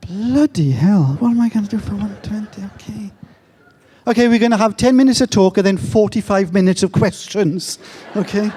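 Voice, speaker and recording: A man's voice: high-pitched, lively intonation, a little fast, mellow, husky. An English man giving a conference talk, telling a story with self-mocking jokes, heard in a large hall. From England. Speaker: speaker. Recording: long hall reverb.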